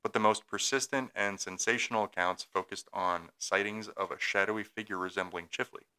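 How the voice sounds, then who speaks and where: A young man with a deep, clear, resonant voice reads a haunted-hotel story for a casual podcast. He stumbles over his notes at times but keeps the narration going. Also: fairly even intonation, brisk, sharp tone. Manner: reads a script with stumbles, then jokes and laughs. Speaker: podcast co-host telling a ghost story.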